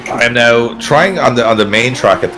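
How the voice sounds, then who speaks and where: A man's voice: mid-range voice, moderate pace, background noise. A man hosting an online event in casual, rambling chat, often trailing off mid-sentence. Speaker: event host.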